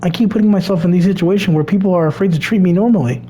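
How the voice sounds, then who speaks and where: A man voicing a shy, anxious teenage girl from a game, speaking in a timid, halting way. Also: high voice, mellow, close to an everyday voice.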